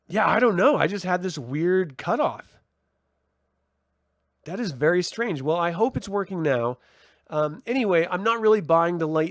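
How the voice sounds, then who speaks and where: A man talks through a TV episode review on his own channel in a loose, chatty way. He rambles and restarts, filling pauses with ums. His voice sits a little high and the sound is dry and close. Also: no room sound. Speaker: TV review host. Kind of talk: casual solo review talk.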